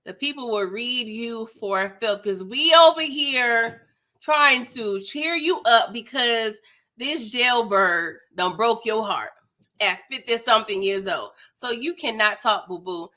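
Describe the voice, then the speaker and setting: A woman's voice: a little high, slow, sharp tone. A young woman giving a sassy, slangy, casual recap of a reality TV episode, full of "like" and "girl".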